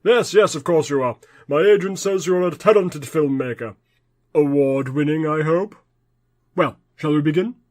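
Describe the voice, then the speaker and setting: Man doing a pompous vain actor, theatrical, exasperated, slightly high voice, sketch comedy. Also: normal speed, natural voice. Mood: grandiose. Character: pompous vain old stage actor, male.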